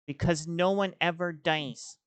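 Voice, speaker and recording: A woman's voice: on the low side, steady tone, unhurried, slight background noise, lightly acted. Woman voicing a resentful young witch. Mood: bitter. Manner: sharp, resentful.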